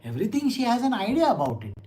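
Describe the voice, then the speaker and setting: A man, a spiritual teacher giving an animated scripture lecture full of rhetorical questions. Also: high-pitched, racing, low-quality recording.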